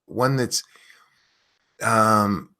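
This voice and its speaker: A man hosting a casual livestream, ranting with a lot of profanity and reading viewer comments aloud. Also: extremely slow. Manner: lively pitch, mocking voices. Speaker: streamer host.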